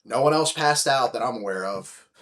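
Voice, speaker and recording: Brief: podcast host, man, loose animated storyteller, heavy swearing, average pitch. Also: normal speed. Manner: animated, profane, rambling with many "like" fillers. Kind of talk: casual storytelling chat.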